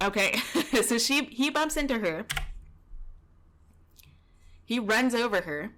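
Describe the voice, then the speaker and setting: A woman dog trainer giving relaxed, casual commentary over video footage, explaining with lots of "you know" and "kinda". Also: fairly high pitch, slow pace, a little hiss or hum.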